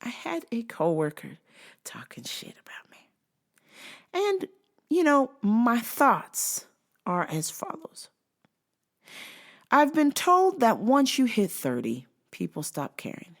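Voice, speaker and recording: A woman's voice: a little high, wildly swooping pitch, slow pace, creaky. A woman in her thirties telling blunt, profane stories in a casual vlog monologue. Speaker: vlogger and store clerk.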